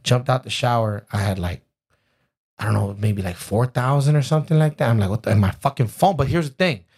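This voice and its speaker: A man, a rapper, telling a profane, animated story about his career in casual conversation. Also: medium pitch, fairly quick, slightly rough. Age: adult with a twenty-year-old stepdaughter. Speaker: rapper guest.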